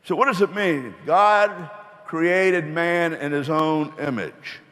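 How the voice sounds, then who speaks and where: A middle-aged man talks from the stage in a rambling, folksy way that turns earnest and motivational. His voice sits a touch high for a man. A long reverb from a large hall carries each phrase. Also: takes it slowly, fairly bright tone. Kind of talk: motivational speech with folksy joke.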